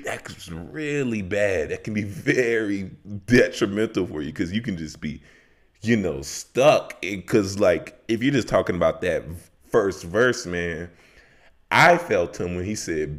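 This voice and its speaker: A man talking through a song in a casual podcast chat, reflective and full of "you know" asides. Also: sits low. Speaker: podcast co-host.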